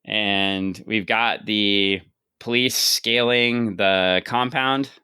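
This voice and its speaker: A man's voice: fairly low pitch, fairly even intonation, drawn-out words, bright, forceful tone, clear, resonant tone, no room sound, clean studio sound. A man co-hosting a casual comic-book podcast, recapping the plot with wry, sarcastic asides. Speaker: podcast co-host.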